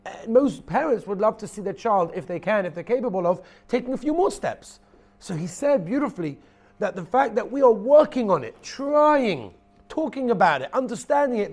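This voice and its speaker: Animated man giving a Torah class. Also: high voice, brisk. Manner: emphatic, repeats key phrases, acts out stories. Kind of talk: lively Torah lecture.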